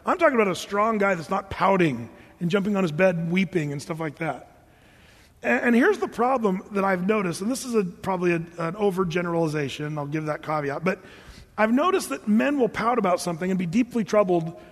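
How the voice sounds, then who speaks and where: Male pastor, higher register, lively humorous storyteller, long reverb of a large hall. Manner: animated storyteller, acting out characters with humor. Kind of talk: sermon.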